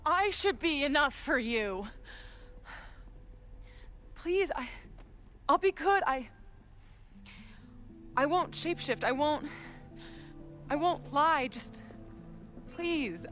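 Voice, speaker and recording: A woman's voice: high-pitched, expressive, slow, long pauses, a bit bright, faint music behind, heavily acted. An actress voicing a desperate young woman in a video game who pleads, then turns cutting and sarcastic. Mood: pleading.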